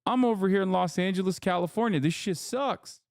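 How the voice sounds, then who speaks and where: A man hosts a livestream, chatting casually and ranting with heavy profanity in animated, rambling fashion. His voice is high-pitched and brisk, captured as clean studio sound with no echo.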